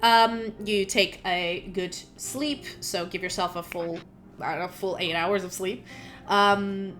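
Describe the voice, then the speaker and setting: A woman's voice: mid-range voice, fairly even intonation, takes it slowly, a bit bright, soft background music. A woman narrating a tabletop game as game master, rambling with many ums and restarts.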